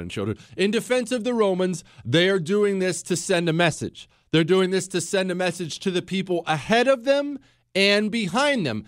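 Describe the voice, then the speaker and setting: A man's voice: sits high, no echo, clean studio sound. A man hosting a history podcast, telling the story in a casual, conversational way and talking straight to the listener with asides. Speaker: podcast host.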